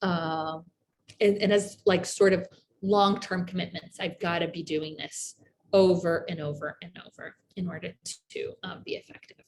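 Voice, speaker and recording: A woman's voice: fairly low pitch, fairly even intonation, moderate pace, slight background noise. A woman presenting a workshop lecture, talking loosely with many fillers and checking in with "right?". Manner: filler-heavy, tags points with "right?"; acts out example phrases in a softer voice. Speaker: workshop presenter on family skills.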